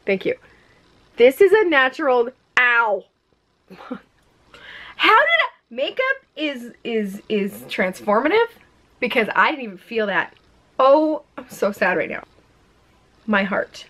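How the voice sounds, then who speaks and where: Gushing woman unboxing makeup, lively pitch. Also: a little slow, long pauses, rough recording. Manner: gushing, exclaiming, giggly. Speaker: beauty vlogger.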